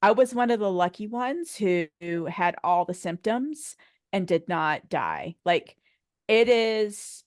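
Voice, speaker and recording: A woman's voice: mid-range voice, slow, dry recording, studio quality. A woman in her forties, a podcast guest telling a personal story in a conversational way, acting out what others said and laughing often. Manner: animated storyteller, acts out quoted dialogue, laughs often.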